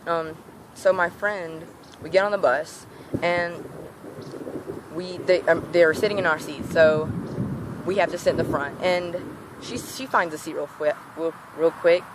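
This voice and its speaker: A woman's voice: fairly low pitch, unhurried, background noise. Teen girl ranting through a storytime. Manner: animated, acts out quoted voices. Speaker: vlogger. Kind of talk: storytime rant.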